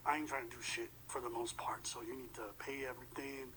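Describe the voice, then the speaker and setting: A man's voice: medium pitch, flat delivery, pushed and bright, a little hiss or hum, poor audio. A man co-hosting a casual chat, teasing the others. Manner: teasing, fast-talking.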